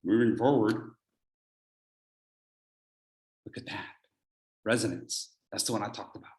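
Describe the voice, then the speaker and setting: A man coaching public speakers in a workshop, swinging from loud bursts to near whispers. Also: lowish voice, fairly even intonation, measured pace, echoey room. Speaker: speech coach. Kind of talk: workshop teaching.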